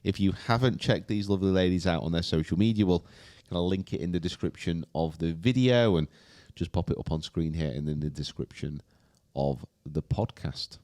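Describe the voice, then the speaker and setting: A man's voice: low-pitched, a little fast, few pauses, darkish tone. A man hosting a podcast, telling self-mocking stories in a casual, laughing way. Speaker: podcast host.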